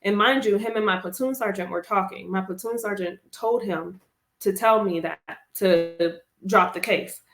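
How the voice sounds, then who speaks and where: A woman in a mid-pitched voice tells her own story as an interview guest, candid and expressive, acting out her own past words. The room around her is roomy and echoey. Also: moderate pace. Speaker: interview guest, army veteran.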